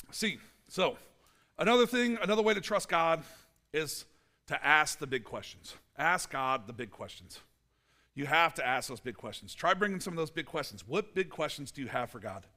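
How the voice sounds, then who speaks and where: In church, a male pastor with a fairly high, creaky voice gives a casual, playful sermon. He's animated, acting out little scenes and quoting people.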